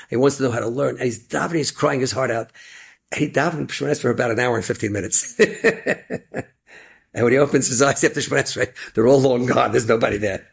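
A man telling an inspirational story in animated storytelling, sprinkling Yiddish and Hebrew words. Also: medium pitch, creaky, breathy edge.

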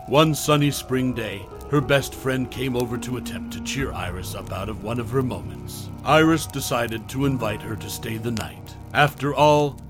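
A man giving a measured, scripted narration of a horror story. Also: medium pitch.

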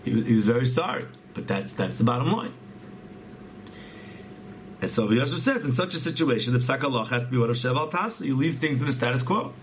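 A man's voice: medium pitch, big pitch swings, fast talker, a little hiss or hum. A man earnestly telling a religious story, often repeating words and restarting phrases as he goes. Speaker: storyteller teaching a religious tale.

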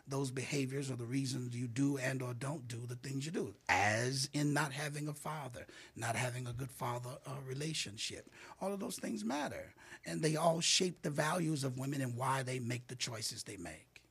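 Husky-voiced bishop guest, man. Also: medium pitch, moderate pace, a bit bright. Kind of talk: casual talk-show discussion.

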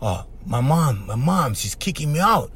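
A man's voice: medium pitch, big pitch swings, normal speed, a bit bright, husky, full character voice. A man voicing a worn-out, tearful young woman client who speaks in Hawaiian pidgin-style phrasing.

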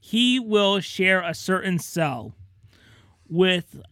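A man with a high, bright voice chats casually and riffs on absurd comic scenarios. The sound is close and dry, with no room around it. He jumps into silly character bits as he talks. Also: lively intonation, drawn-out words, clear, resonant tone, no room sound. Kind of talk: casual comedic chat.

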